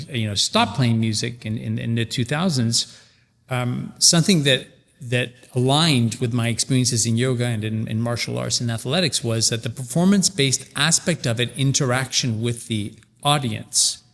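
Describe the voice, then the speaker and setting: An older man hosting a podcast conversation, his voice sitting at a middle pitch. He thinks aloud, circling back and restarting phrases as he works out his point. A long reverb trails behind his words. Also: gravelly, fairly bright tone. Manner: thoughtful, searching, many restarts. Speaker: podcast host. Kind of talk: casual conversational interview.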